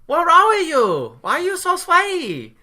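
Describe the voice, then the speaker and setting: A man's voice: wildly swooping pitch, unhurried, bright, forceful tone, exaggerated voice. A man mimicking a nagging, cackling nurse. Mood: scolding. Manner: high, nagging, clipped broken English. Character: ornery scolding female nurse, broken English. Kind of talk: comic impression in casual chat.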